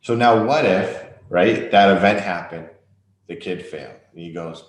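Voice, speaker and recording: A man's voice: sits low, a little slow. A man, a therapist, explaining a therapy approach in a conversational way, often tagging his points with "right?" and acting out example thoughts. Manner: conversational, frequent tag "right?"; acts out inner thoughts in examples. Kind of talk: informal educational talk. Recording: echoey room.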